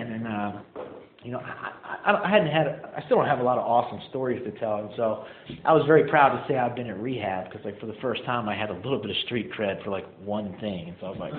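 A man's voice: mid-range voice, fast talker, slight background noise. Tinny, echoey man telling his story. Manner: casual, self-mocking, filler-heavy with many "like"s; acts out quoted people in his story. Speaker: speaker sharing his recovery story. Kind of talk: storytelling talk to a live audience. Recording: tinny, echoey hall recording.

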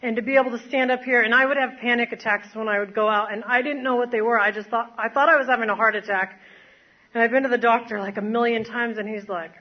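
Speaking at a quick pace in a steady tone, a woman with a fairly high voice stands before an audience and gives testimony about her recovery. She rambles, using many fillers and laughing at herself, and the sound is lo-fi.

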